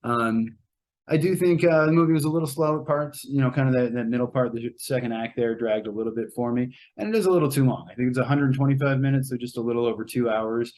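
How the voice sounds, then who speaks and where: A man's voice: medium pitch, fast talker, darkish tone. A man giving a casual, rambling spoken movie review, with many fillers and restarts. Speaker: movie reviewer, show co-host.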